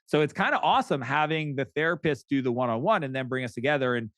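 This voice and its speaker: A middle-aged man from Canada talks as a podcast guest in an easygoing, animated way. He tumbles into stories and restarts his sentences, with a mid-pitched voice. The sound is close and dry, with no room echo. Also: quick pace. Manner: animated storyteller who acts out quoted dialogue, frequent restarts. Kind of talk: casual interview chat.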